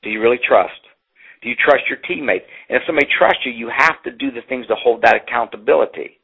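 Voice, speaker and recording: A man's voice: medium pitch, quick pace, vocal fry, husky. A middle-aged man giving a motivational pep talk in emphatic, punchy short phrases. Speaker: motivational speaker. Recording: phone-like radio broadcast.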